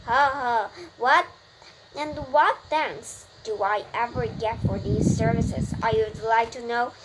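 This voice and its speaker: A woman's voice: on the high side, slow pace, background noise. A woman with a Korean first language voicing a lazy, sarcastic male rat who grumbles and complains. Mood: sarcastic grumbling.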